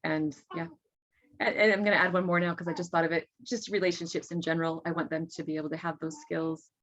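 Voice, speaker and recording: A woman's voice: lowish voice, flat delivery, fast talker, a bit bright. A middle-aged mother talking earnestly as a podcast guest, often laughing. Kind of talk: casual interview talk. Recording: dull lo-fi sound.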